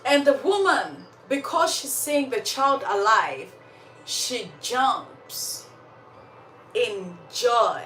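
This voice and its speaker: A woman telling a story in a casual, animated way, with emphatic asides and religious commentary. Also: a little high. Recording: echoey room, slightly far from mic, faint background noise.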